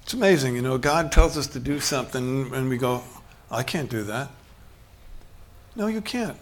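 A man's voice: mid-range voice, expressive, a little fast. A man preaching a sermon in a conversational way, acting out short bits of dialogue and chuckling as he goes. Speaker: pastor.

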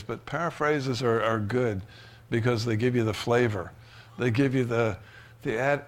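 A man preaching a sermon as pastor, emphatic, swinging from loud rises to soft asides. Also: mid-range voice.

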